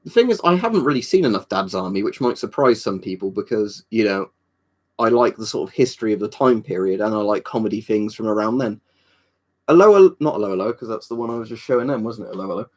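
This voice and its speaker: A man's voice: on the low side, expressive, fast. A young adult man from England chatting casually on a live stream, rambling, swearing freely and answering viewers' questions.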